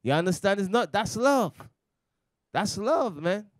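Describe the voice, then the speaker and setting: A man's voice: high voice, sing-song, measured pace, dry recording, clean studio sound. A man preaching to a men's gathering, exhorting and asking if they understand. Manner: exhorting, repeats "you understand?".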